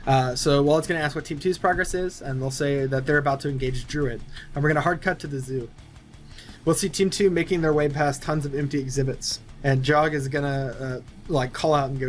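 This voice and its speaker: A man's voice: mid-range voice, steady tone, fairly quick, soft background music. A young man casually talking through a movie plot he wrote, rambling with lots of fillers. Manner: loose and rambling, many fillers. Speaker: movie video creator. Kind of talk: casual plot pitch narration.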